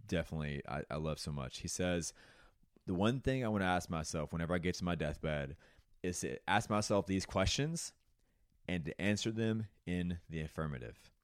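A man's voice: low-pitched, a bit bright, no room sound, studio quality. Earnest young man with a lilt. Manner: casual, earnest, with fillers like "man", "dude", "y'all". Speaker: podcast host. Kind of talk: motivational podcast monologue.

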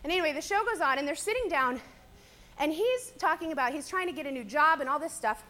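Young woman teacher, high voice, bright tone, giving a chatty church talk. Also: fast talker. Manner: chatty, animated storyteller. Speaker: teacher speaking to a church audience. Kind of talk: personal sermon-style talk.

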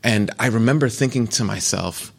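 A man's voice: lowish voice, normal speed, creaky, breathy edge. A man in his forties or fifties from the United States, giving a candid, conversational personal testimony as a retreat speaker. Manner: candid, conversational, loose storytelling.

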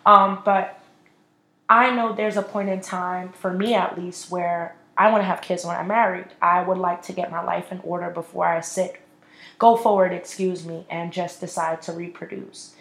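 A woman's voice: on the low side, fairly even intonation, moderate pace, creaky, fairly bright tone. A woman in her twenties hosting a solo podcast, ranting bluntly and with lots of profanity. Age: 20s. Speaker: podcast host. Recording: echoey room.

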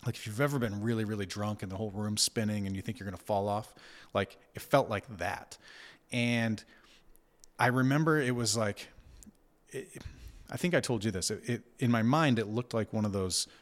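A man in his thirties telling a personal story in casual conversation, reflective and halting, with many fillers and restarts. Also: fairly low pitch. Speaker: guest recounting an experience.

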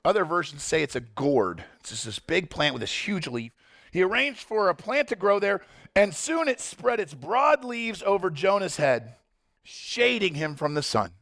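Male pastor, energetic and chatty, with a bright, gravelly, high voice that swings a lot. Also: no room sound, studio quality. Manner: animated, conversational, rhetorical questions to the congregation. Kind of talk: sermon.

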